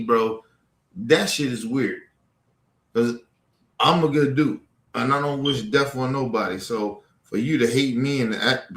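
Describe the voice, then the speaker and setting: A man's voice: mid-range voice, fairly bright tone. Confrontational man ranting in an echoey room. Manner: confrontational, profane, addressing chat trolls directly. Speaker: livestream host. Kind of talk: heated livestream rant.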